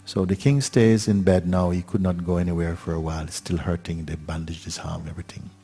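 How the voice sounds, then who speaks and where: Deep, husky-voiced spiritual storyteller, a man. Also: flat delivery, soft background music. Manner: unhurried, gentle, with pauses and fillers. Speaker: spiritual teacher.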